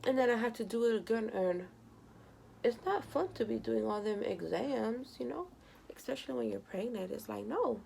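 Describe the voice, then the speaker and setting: A woman's voice: fairly high pitch, normal speed, warm tone, a little hiss or hum. A young woman vlogging from home, telling a story casually with lots of "like" and quoted dialogue. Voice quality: gravelly vocal fry. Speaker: beauty vlogger.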